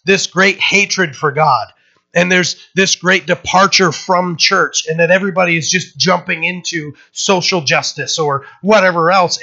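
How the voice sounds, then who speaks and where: A man preaching a sermon with a bright, forceful voice that sits a little high for a man. He talks in a casual, emphatic way, full of fillers and restarts, and jumps up in pitch when he acts out quoted voices. The recording sounds dull and muffled. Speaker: pastor.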